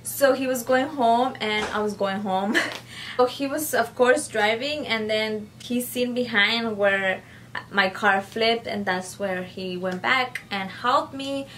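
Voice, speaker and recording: A woman's voice: fairly high pitch, takes it slowly, a bit bright, far from the mic. A woman vlogger telling a personal story in a chatty, casual way, addressing viewers as "guys" and filling her speech with "like" and "you know.". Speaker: YouTuber. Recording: voice a bit off-mic, faint background noise.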